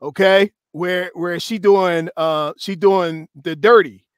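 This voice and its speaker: A man hosting a casual talk show with a notably high-pitched voice. He is lively and laughs often, and stretches quoted phrases slowly for effect. The sound is close and dry. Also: clear, resonant tone, no room sound. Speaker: host. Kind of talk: casual discussion chat.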